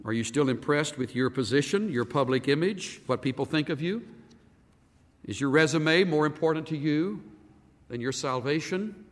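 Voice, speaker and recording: A man preaching a sermon as a pastor, animated and firing rhetorical questions at the congregation. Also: fairly high pitch, normal speed. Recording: reverberant hall.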